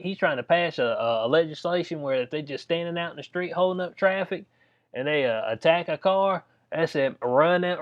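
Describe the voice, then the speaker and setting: A man from North Carolina giving heated, slangy commentary, breaking into laughing asides. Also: a little high. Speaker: commentary vlogger. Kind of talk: casual ranting commentary. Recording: dull lo-fi sound.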